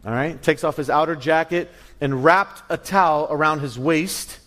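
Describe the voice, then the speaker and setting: Guy preaching, high-pitched, tells the story with lots of restarts and little acted voices. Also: moderate pace. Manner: animated storytelling, acts out voices, many restarts. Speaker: pastor. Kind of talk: sermon.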